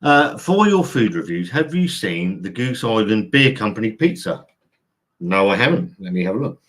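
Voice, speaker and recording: Bloke rambling on his live stream at home, lowish voice, swears a lot. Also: big pitch swings, normal speed, a bit bright. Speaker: channel host. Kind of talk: casual live stream chat. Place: home room by an open window.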